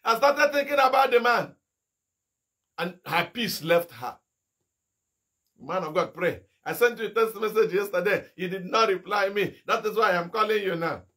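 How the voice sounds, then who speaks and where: Man, middle-aged evangelist, from Nigeria, fiery sermon, high voice, rhetorical questions, shouted rebukes. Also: moderate pace. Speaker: evangelist preacher.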